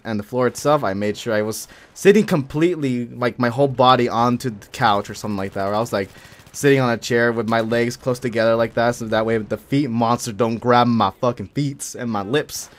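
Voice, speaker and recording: A young man telling a long story over gameplay in a casual, rambling way, swearing often and filling with "like". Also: mid-range voice. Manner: rambling, profane, filler-heavy. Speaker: gaming commentator.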